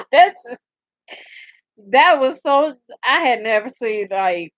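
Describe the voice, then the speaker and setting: A young woman hosting a casual live chat, animated and profane, laughing often and reading comments aloud. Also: sits high, very slow, dry recording. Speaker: livestream host.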